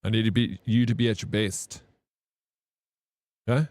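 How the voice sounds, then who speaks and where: A man's voice: lowish voice, fairly even intonation, normal speed, a little mellow, dry recording. A man, chatting casually with viewers on a live stream and rambling through stories full of slang. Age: 30s. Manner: rambling storyteller, slangy, says "bro" often.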